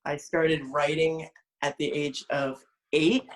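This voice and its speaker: A man's voice: a little high, level tone, slow. A man from New Jersey, a singer-songwriter, chatting as a guest in an easygoing, friendly way over a video call. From New Jersey, USA.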